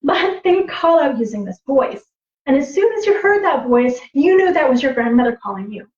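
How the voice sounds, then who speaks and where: A woman storyteller and teacher on a livestream, animated and laughing, acting out voices as she tells stories. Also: sits high, fairly quick. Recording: roomy, slightly dull livestream audio.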